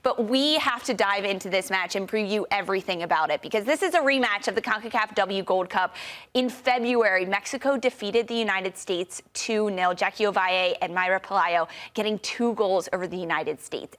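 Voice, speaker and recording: A woman's voice: medium pitch, fairly bright tone. A woman hosting a sports talk show, reading news items and passing questions to her panelists. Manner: reads news segments, then throws to panelists. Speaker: host.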